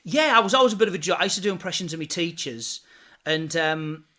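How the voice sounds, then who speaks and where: Bright, chatty British comedian. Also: male voice, on the high side, animated, fast. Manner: chatty, laughs often, keeps saying "you know". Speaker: guest, impressionist and comedian. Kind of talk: casual interview chat.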